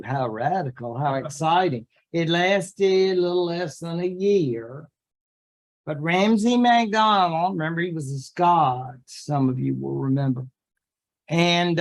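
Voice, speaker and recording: Slow, joking man lecturing history. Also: on the high side. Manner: slow, joking asides and acted-out quotes. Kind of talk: university lecture. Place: classroom.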